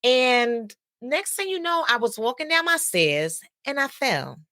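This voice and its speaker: A woman's voice: high-pitched, sing-song, measured pace, pushed and bright, no room sound. A middle-aged woman, a counselor and host, telling a personal story in a chatty, casual way with lots of asides.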